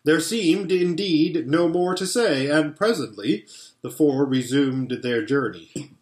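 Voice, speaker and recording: A pastor reading a storybook aloud in an expressive, animated way, in a roomy-sounding space. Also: male voice, fairly high pitch, takes it slowly. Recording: roomy echo.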